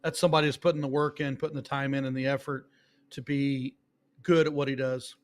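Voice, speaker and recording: A man co-commentating a live darts match, giving relaxed, conversational analysis. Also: mid-range voice, brisk.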